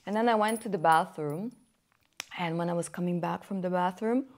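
A woman's voice: on the low side, normal speed, a little hiss or hum. A woman in her thirties hosting a podcast, chatting candidly about dating and acting out quotes as she tells stories. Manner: chatty, candid, animated storytelling with acted quotes. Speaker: podcast host. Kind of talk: casual chat about dating. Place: Germany.

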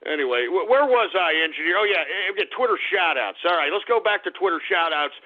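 A man hosting a radio show, scolding his listeners in a combative rant that keeps breaking into shouts. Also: sits high, animated, brisk. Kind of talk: ranting call-out radio talk. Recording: tinny phone-like radio audio.

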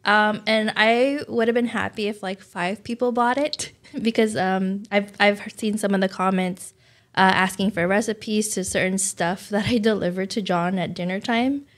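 Woman, podcast co-host, modest, hesitant, medium pitch. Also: steady tone, normal speed. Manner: modest, hesitant, many fillers. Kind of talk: casual podcast chat.

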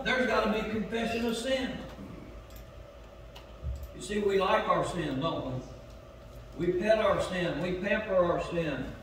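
Male pastor, impassioned revival preaching, heard distant in a very reverberant sanctuary with faint noise. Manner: impassioned, swings between loud urging and low asides. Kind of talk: revival sermon. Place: church sanctuary. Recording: echoey church hall from far off.

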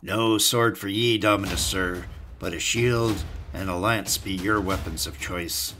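A man's voice: deep voice, fairly even intonation, measured pace, sharp tone, soft background music. A man voicing a blunt, loyal soldier bodyguard with a growling manner. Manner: blunt, growling dialect speech.

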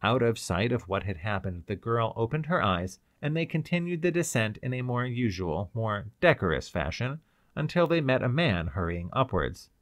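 Man narrating an audiobook, lively pitch. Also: normal speed, no room sound, clean studio sound.

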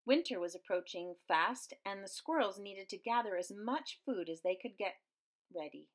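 A woman reading a children's picture book aloud with very expressive swings in pitch and loudness. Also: moderate pace. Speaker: storyteller.

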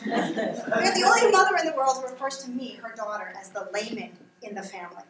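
A woman's voice: fairly high pitch, fast talker, fairly bright tone, slight background noise. A woman performing a stand-up comedy monologue on a small theater stage, chatty and teasing as she jokes with the audience. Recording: roomy live room with audience.

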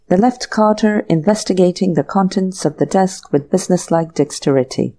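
A woman narrating a mystery audiobook in an even, measured storytelling manner. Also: on the low side. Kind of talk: scripted narration.

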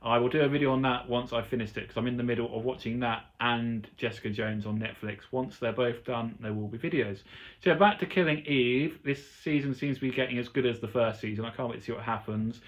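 A man's voice: medium pitch, fairly quick, highs cut off. Chatty man reviewing a TV episode. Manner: chatty, rambling, enthusiastic. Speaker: podcast host. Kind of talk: casual solo TV review.

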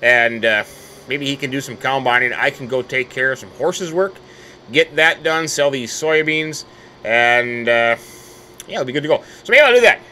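Middle-aged man, bright tone, rambling upbeat gameplay chatter. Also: mid-range voice, normal speed, slight background noise. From United States. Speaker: host. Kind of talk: casual gameplay commentary.

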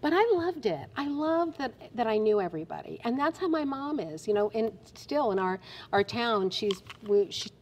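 A middle-aged woman from New Jersey, telling stories as an interview guest in an animated, emphatic way. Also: fairly high pitch, normal speed, a little hiss or hum. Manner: animated storyteller, expressive and emphatic. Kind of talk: casual interview chat.

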